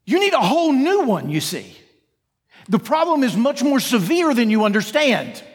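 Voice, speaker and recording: Pastor guy preaching, high voice, lots of "you see that?" questions, church echo hanging on. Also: sing-song, moderate pace, slightly rough. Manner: earnest preaching, rhetorical questions, voices imagined inner talk. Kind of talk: sermon. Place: church sanctuary.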